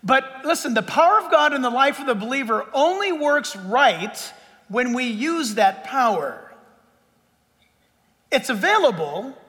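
A man's voice: extremely high pitch, very animated, a little slow, pushed and bright, in a large hall. A middle-aged man preaching a sermon as pastor, conversational and joking with his congregation. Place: church sanctuary.

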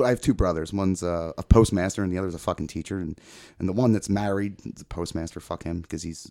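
A man's voice: low-pitched, animated, quick pace, a little mellow. A man in his forties telling a personal story in casual chat as a podcast guest, rambling, profane and often laughing.

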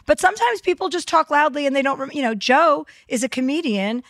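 A woman's voice: high voice, expressive, a bit bright, dry recording, clean studio sound. A woman hosting an advice podcast, talking frankly and profanely in a casual chat. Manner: frank and profane, quick laughs. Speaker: podcast host. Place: Whistler.

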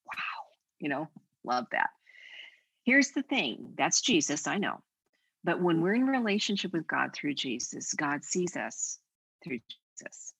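Low gravelly woman, lively talker. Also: a little slow, long pauses, no echo, poor audio. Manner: animated, expressive storyteller. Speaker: guest speaker. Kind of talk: conversational podcast interview.

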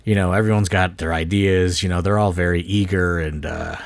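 A man's voice: deep voice, fairly even intonation, brisk, vocal fry, no room sound. A man co-hosting a casual podcast, rambling and leaning on filler phrases like "you know" and "like". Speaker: wrestling promoter and podcast co-host.

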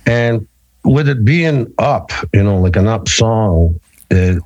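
A man's voice: on the low side, lively intonation, slow pace, a little mellow, no room sound, dull audio. A man, a musician guest chatting casually and rambling with many fillers. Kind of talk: casual chat.

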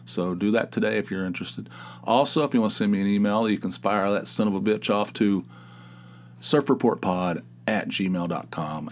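A man in his fifties hosting his own podcast, talking alone in a rambling, jokey way and often correcting himself. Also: on the low side. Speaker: podcast host. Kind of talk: casual solo podcast monologue.

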